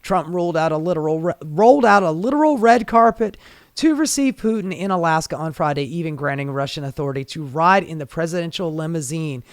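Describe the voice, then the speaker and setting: A man's voice: on the high side, animated, brisk, no room sound, clean studio sound. A man giving sarcastic, profane political commentary. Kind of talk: commentary video.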